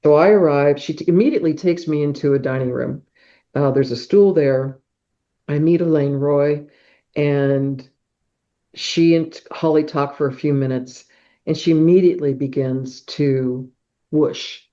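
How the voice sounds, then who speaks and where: Middle-aged woman guest, dark mellow tone, lively storyteller who acts out sounds; muffled podcast audio. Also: low-pitched, a little slow. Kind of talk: personal storytelling in an interview.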